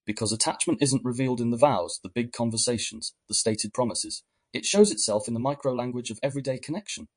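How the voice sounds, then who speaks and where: Husky-voiced man narrating calmly. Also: mid-range voice. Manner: measured, explanatory, reflective. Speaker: podcast host. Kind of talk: scripted reflective narration.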